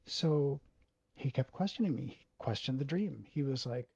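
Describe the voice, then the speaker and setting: A man telling a personal story in a halting, emotional way, swearing freely. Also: medium pitch, lively intonation, gravelly, darkish tone, slightly rough, dry recording, dull audio. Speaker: video host.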